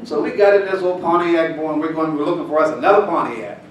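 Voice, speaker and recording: A man preaching a sermon, telling a folksy personal story before building to loud, shouted scripture reading. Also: fairly high pitch, fast, dull audio. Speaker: pastor. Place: church sanctuary. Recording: echoey church hall, distant mic. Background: congregation responses, room ambience.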